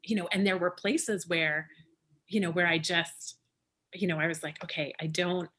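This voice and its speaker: A woman's voice: on the low side, steady tone, moderate pace, a bit bright. A woman author chatting casually as a guest, rambling with lots of fillers and restarts. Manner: rambling, many "you know" and "like" fillers, restarts. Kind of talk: casual chat.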